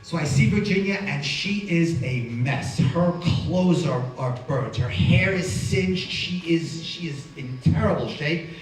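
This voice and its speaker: A man's voice: fairly high pitch, measured pace, hardly any pauses, a little hiss or hum. A man, telling a dramatic survival story to an audience as a guest speaker. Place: hall with audience. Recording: very echoey hall from far off.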